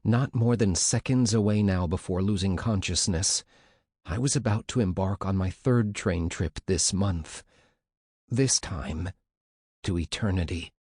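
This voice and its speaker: A man narrating a first-person memoir audiobook in a measured, scripted storytelling manner. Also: deep voice, darkish tone, slightly rough, dry recording, studio quality.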